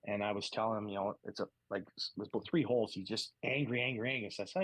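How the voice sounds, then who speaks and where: A man's voice: lowish voice, rapid-fire, few pauses, husky, no room sound, low-quality recording. A man, a podcast guest telling stories in casual talk and acting out the voices of people he quotes. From Canada. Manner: animated, acts out quoted dialogue. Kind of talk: casual storytelling.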